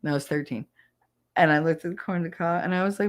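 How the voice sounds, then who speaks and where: A woman podcast host chats on her own in a casual, rambling way. She swears freely and laughs through her stories. Her voice sits slightly lower than most women's. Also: fast. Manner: blunt, profane storytelling with frequent laughs. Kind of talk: casual solo chat.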